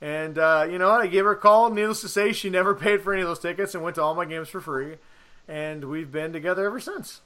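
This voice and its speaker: A man in his thirties with a high, bright, forceful voice, chatting on a podcast. He tells stories in a loose, animated way, swears freely and acts out the lines he quotes. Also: quick pace. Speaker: podcast co-host. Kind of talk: casual storytelling chat.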